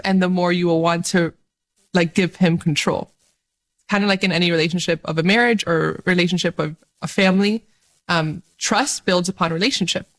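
A woman talking about her faith to camera, with a cheerful, animated delivery. Her voice sits at a middle pitch, but it jumps up brightly when she gets excited. She laughs often as she speaks. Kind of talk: faith-sharing video talk.

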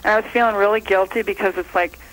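A woman's voice: medium pitch, steady tone, fast. A woman from Minnesota heard over a phone call to a talk show. She talks in a gushing, chatty way, rambling through her point with plenty of fillers. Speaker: caller. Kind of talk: call-in chat.

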